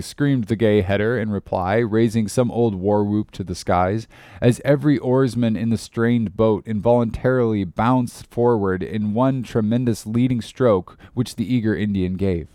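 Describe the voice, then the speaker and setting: A man narrating a classic novel in a measured, expressive reading. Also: on the low side, no echo, clean studio sound. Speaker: audiobook narrator. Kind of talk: scripted narration.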